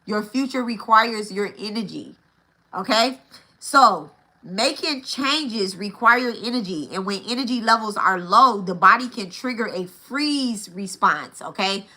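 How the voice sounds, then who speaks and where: Woman, spiritual teacher, bright ringing voice, casual and profane, repeats herself for emphasis. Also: mid-range voice, animated, measured pace. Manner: blunt and profane, with frequent checks of "right?" and "okay?"; repeats key phrases for emphasis.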